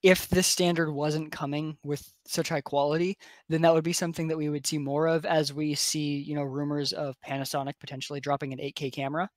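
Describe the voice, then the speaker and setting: A young man co-hosting a casual tech podcast, laid-back and quick to laugh, with hesitant fillers. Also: on the high side, little pitch movement, no room sound, studio quality. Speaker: podcast co-host.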